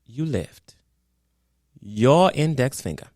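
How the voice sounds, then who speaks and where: A man in casual podcast banter, his pitch jumping around as he acts out scenes with blunt, theatrical flair. The sound is dry and close, with no room behind it. He swears freely and never holds back. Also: slow pace, no room sound. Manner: animated, theatrical storytelling with acted-out reactions. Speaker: podcast co-host. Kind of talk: casual chat.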